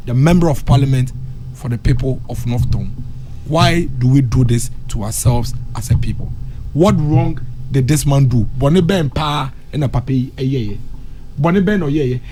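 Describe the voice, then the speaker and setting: A man's voice: fairly high pitch, a little mellow, a little hiss or hum. A Ghanaian man with a Ghanaian accent commenting on a morning radio talk show, impassioned, switching between English and Twi and repeating phrases for emphasis. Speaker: radio discussion panelist.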